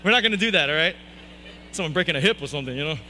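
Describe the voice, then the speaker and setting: Bright, high-voiced joking preacher. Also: male voice, lively intonation, rapid-fire, slight background noise, rough recording. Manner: playful, self-mocking, jokey asides. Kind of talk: humorous sermon storytelling.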